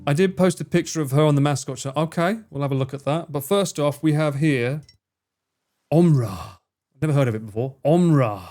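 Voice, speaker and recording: A man's voice: on the high side, a little fast, darkish tone. Chatty man on a livestream. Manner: chatty, swears freely, teasing banter. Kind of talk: casual livestream chat, reading chat.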